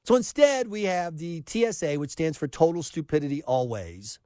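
Sarcastic, high-pitched talk radio host. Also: male voice, lively intonation, moderate pace, hardly any pauses, a little mellow, no echo. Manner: sarcastic, exasperated ranting.

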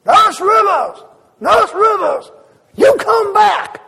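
A man voicing an elderly man who shouts loudly and joyfully, recorded with a long hall reverb. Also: lively intonation, unhurried, exaggerated voice. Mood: joyful shouting. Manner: shouting loud and high.

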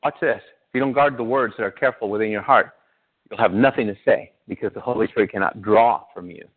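A man's voice: fairly low pitch, fast talker. A male pastor, preaching to his congregation in a conversational way and throwing questions at them. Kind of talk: sermon. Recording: tinny phone-like sound.

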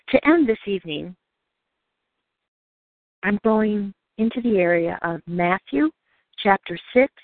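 A woman giving an earnest, measured evening sermon, telling personal stories and slowing down to read scripture. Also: mid-range voice, no echo. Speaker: preacher. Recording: dry, phone-like narrow sound.

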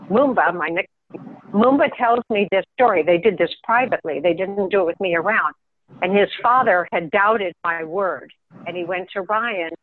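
Older woman telling a story over a tinny phone line. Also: medium pitch. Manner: reflective, soft-spoken, with pauses and restarts. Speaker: call participant. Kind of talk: personal storytelling.

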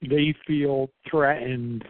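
A man's voice: mid-range voice, steady tone, extremely slow, dry recording. Hesitant man in his forties on a call. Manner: repeats phrases after the coach, hesitant. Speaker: coaching client. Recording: tinny dry call line.

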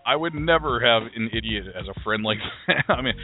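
A man's voice: mid-range voice, brisk. A man co-hosting a live call-in comedy radio show, trading crude, mocking insults and laughing at his own jokes. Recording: phone-quality live radio stream with faint music.

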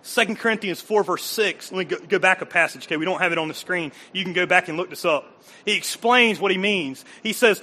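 A man's voice: sits high, a little fast, bright, forceful tone. A middle-aged man preaching a sermon in a conversational way, repeating phrases and joking with the congregation. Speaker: pastor.

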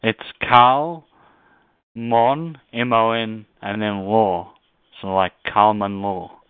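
Man, smooth voice, calm, dry remarks, tinny call audio. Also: lowish voice, slow, dry recording. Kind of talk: casual group chat.

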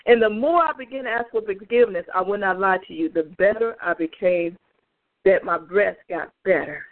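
A woman's voice: mid-range voice, moderate pace. A woman giving fervent testimony over a tinny phone line. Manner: fervent, emphatic, talks straight to listeners. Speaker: evangelist. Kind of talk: spoken testimony on a prayer call.

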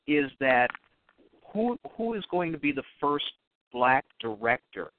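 Man, radio host, halting delivery, fillers, phone-line audio, dry. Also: medium pitch, dry recording. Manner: halting, many restarts and fillers. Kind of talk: radio talk show chat.

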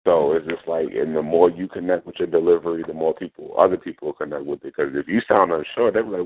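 A man's voice: low voice, quick pace, few pauses, husky. A man hosting a radio show, chatting casually about poetry and often asking "you know what I'm saying". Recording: phone-like radio audio.

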